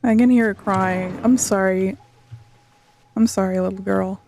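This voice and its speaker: A woman's voice: mid-range voice, steady tone, unhurried, gravelly, mellow, a little hiss or hum. A woman streaming a video game from home, talking to herself in jumpy, frequently swearing commentary with nervous laughs. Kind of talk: live gameplay commentary.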